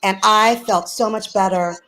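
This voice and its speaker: A woman's voice: medium pitch, steady tone, moderate pace, a bit bright, low-quality recording. Female interview guest, earnest storyteller, video call sound. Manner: earnest, storytelling, many restarts. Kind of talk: casual conversation.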